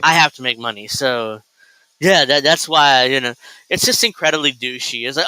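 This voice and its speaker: Male host for a reaction stream, sarcastic and animated, slightly high voice, clear tone. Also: normal speed, no room sound, rough recording. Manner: animated, mocking, mimics people in high voices. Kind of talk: casual reaction commentary.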